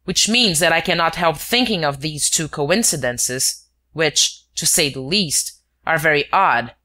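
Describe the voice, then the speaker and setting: A dogged, sententious veteran inspector , as an audiobook narrator reads him, laying out his reasoning point by point. The voice stays bright and clear. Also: mid-range voice, lively intonation, unhurried. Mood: insistent. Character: stubborn veteran male police inspector.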